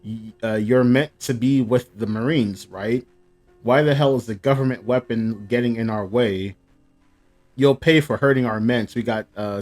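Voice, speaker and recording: A man's voice: on the low side, darkish tone. A man hosting a casual live reaction, reading the panels aloud between his own comments. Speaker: manga reaction host.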